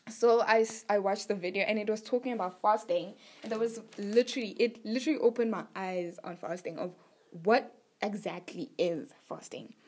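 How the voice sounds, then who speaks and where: A young woman vlogging about her faith, telling a personal story in a chatty, animated way with lots of fillers. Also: medium pitch, moderate pace. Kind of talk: casual personal testimony.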